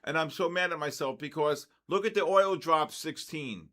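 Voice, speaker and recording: Blunt, excitable older male trading host. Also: fairly high pitch. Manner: blunt, excitable, quick asides. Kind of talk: live market commentary answering chat.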